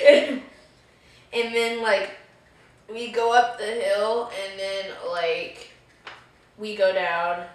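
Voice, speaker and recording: Giggly, animated girl telling a story. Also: mid-range voice, slow, pauses often. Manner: giggly, animated, mimics screams. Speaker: vlog participant. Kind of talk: casual storytelling among friends. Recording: echoey room, mic at a distance.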